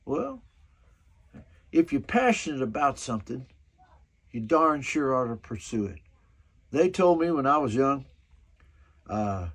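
A man's voice: mid-range voice, very animated. A man in his seventies telling a folksy anecdote in a personal video message, chuckling often as he goes. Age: 70s. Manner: chuckles often, drawn-out storytelling.

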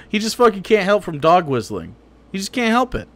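Male streamer, high voice, swings widely, sarcastic and cursing, political reaction commentary. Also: big pitch swings, moderate pace, pauses often, a bit bright. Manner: sarcastic, profane, heated.

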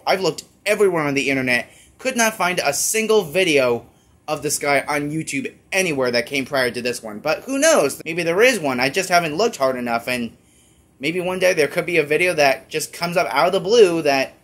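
Chatty male YouTuber, rambling casual toy review, slightly high voice. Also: a bit bright.

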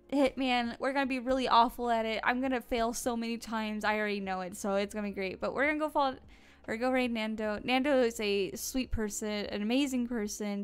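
A sleepy, tired woman live streamer chats casually into a desk mic, giggling and rambling. Her voice is fairly high-pitched with a clean tone.

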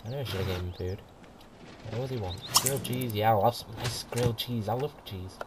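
A man's voice: fairly low pitch, a little fast, very noisy. A man giving casual, rambling commentary over gameplay, chatting away and laughing often. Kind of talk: casual let's-play commentary. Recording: quiet home mic with music behind.

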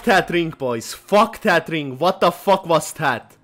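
A man's voice: a little high, animated, unhurried, soft background music. Young man commentating his gameplay, swearing. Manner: swings from muttering to shouting, swears a lot. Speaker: gaming YouTuber.

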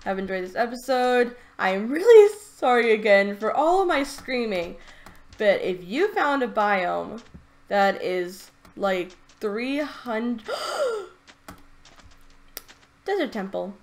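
A woman playing a video game and talking through it in casual commentary, excitable and gushing, often stammering and repeating herself. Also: medium pitch, measured pace. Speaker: let's play gamer.

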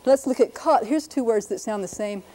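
Mellow-voiced woman teaching phonetics. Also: on the high side, poor audio. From United States. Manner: explanatory, brisk, demonstrating sounds aloud. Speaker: linguist presenter. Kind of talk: televised linguistics lesson.

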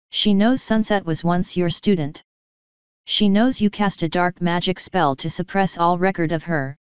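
A woman voicing a grave, earnest royal mare who speaks in a measured, solemn way, in a storybook reading. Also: fairly low pitch, clear, resonant tone, no echo, lightly acted. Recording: dull lo-fi recording.

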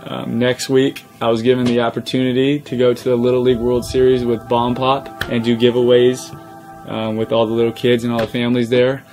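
A young man in a personal vlog to his followers, earnest and choked up, pausing often with "um". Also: medium pitch, monotone, a little mellow, soft background music. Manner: earnest, emotional, many pauses and "um"s. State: choked up, near tears. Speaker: social media creator. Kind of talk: personal vlog talking to camera.

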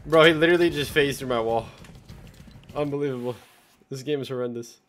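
A young man streaming live gameplay, excitable and trash-talking as he taunts his opponents. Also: medium pitch, fairly quick.

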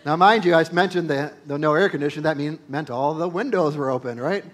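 A male pastor preaching a sermon, emphatic, repeating phrases and building to loud peaks. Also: on the high side, quick pace, few pauses.

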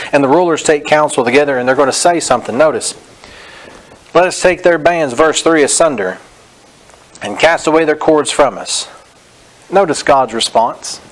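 A man preaching a Bible-teaching sermon, reading scripture slowly and stressing each phrase, then correcting common beliefs in a direct, plain way. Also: fairly high pitch, rough recording. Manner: direct, corrective, frequent "notice". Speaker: pastor.

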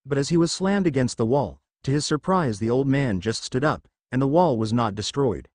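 A man reading a fan fiction story aloud as narrator, in an expressive way. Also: mid-range voice, normal speed, no echo, studio quality.

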